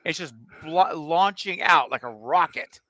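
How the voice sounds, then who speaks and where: Animated man telling a story. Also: a little high, a little slow, no room sound. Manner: animated storyteller, laughs often. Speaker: co-host. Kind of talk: casual livestream storytelling.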